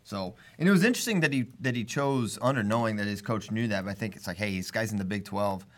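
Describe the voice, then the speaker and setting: A man hosting a casual talk show, chatting in an animated way and laughing often. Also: fairly low pitch, fast talker. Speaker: podcast host. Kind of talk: casual chat.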